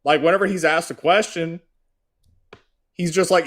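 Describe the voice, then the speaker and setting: A man's voice: on the high side, steady tone, normal speed, pauses often. A man hosting a casual political chat, ranting and swearing, and sometimes mocking people in put-on voices. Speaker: host.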